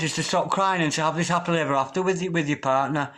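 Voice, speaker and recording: A man giving a tarot reading, gentle and gushing, who drops into a low, repeated chant when he calls on the spirits. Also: quick pace, few pauses. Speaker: tarot reader. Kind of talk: tarot reading with spoken invocations.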